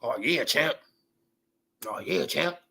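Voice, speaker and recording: A woman mimicking a fawning podcast host, deep. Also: lively intonation, slow, creaky, pushed and bright, husky, exaggerated voice. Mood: mocking. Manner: mocking, sycophantic, repetitive. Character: fawning male podcast host greeting a champ.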